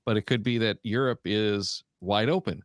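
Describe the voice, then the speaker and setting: A man co-hosting a casual podcast chat, reading through a list with frequent pauses and fillers. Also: on the low side, dry recording, clean studio sound. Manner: halting, many "uh" fillers while reading out a list. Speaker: podcast co-host.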